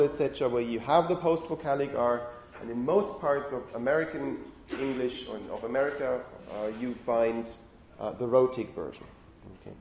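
A man lecturing university students on phonetics, lively and often putting questions to the class. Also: medium pitch, a little hiss or hum. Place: lecture hall. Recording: echoey lecture hall.

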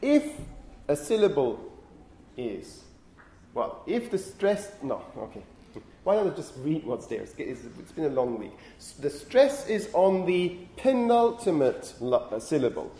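Lively male lecturer in an echoey hall. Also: a little high, a little slow. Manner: lively, self-correcting, frequent "okay?" checks. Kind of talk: university lecture. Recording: roomy lecture hall echo.

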